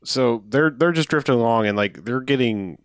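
A man's voice: mid-range voice, moderate pace, clean tone, no room sound, studio quality. A man in a casual movie chat, making wry, joking asides with some hesitation.

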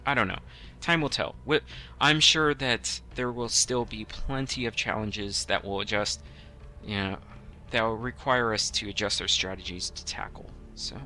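Middle-aged podcast guy, bright voice, kinda low, rambles and restarts a lot. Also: normal speed, a little hiss or hum. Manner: rambling with many restarts and fillers. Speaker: podcast co-host. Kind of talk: casual podcast chat.

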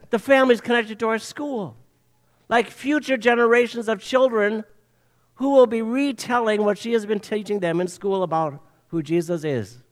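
An older man preaching a sermon, telling a children's story with an animated preacher's delivery. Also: high voice. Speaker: pastor.

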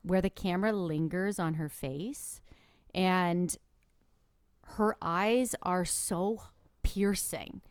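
A woman's voice: on the low side, slow pace, clear, resonant tone, dry recording, studio quality. A woman co-hosting a podcast, earnestly gushing praise in casual film review chat, with filler words. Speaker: podcast co-host.

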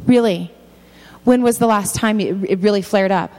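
A woman's voice: medium pitch, moderate pace, a little mellow. A woman giving a sermon, reading scripture aloud and stopping to comment directly to her listeners. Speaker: speaker giving a faith talk. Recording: long hall reverb.

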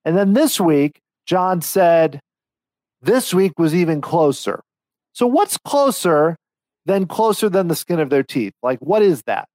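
A man co-hosting a podcast, chatting casually in an animated, rambling way with frequent restarts. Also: high voice, a little slow, no room sound, poor audio. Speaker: podcast co-host. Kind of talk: casual chat.

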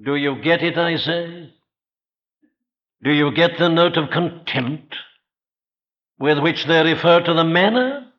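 This old sermon recording, muffled and lo-fi, captures a man with a slightly high voice at an evening church service. He preaches earnestly, poses questions straight to the congregation, and slows down to emphasize important phrases.

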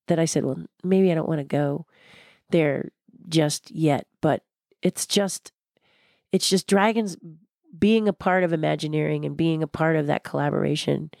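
An older woman being interviewed, talking in a passionate, blunt and animated way. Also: sits low, creaky, dry recording, studio quality. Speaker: guest, former theme park designer. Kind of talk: candid interview conversation.

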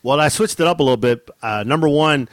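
A man's voice: fairly high pitch, fast, no echo. A man co-hosting a casual chat, recapping comics loosely and profanely. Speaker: podcast co-host.

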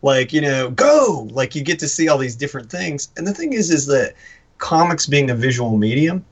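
A man's voice: mid-range voice, lively intonation, brisk. A man co-hosting a podcast, talking animatedly and emphatically, swearing freely. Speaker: podcast co-host. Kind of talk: casual chat.

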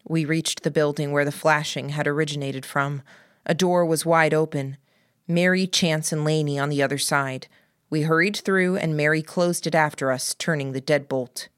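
Woman audiobook narrator, low and slow, dry close sound. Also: fairly even intonation, clean tone, dry recording. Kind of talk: scripted narration.

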